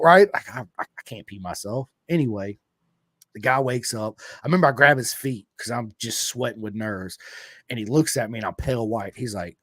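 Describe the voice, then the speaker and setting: Male podcast guest, casual and animated, dry recording. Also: fairly quick, no room sound. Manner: animated, swearing, acts out quotes with big pitch jumps. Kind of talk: casual storytelling chat.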